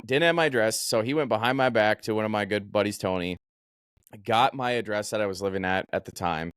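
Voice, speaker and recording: A man hosting a podcast, telling a story in an animated, profane, casual way. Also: on the low side, fairly quick, clean tone, no room sound, clean studio sound. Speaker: podcast host.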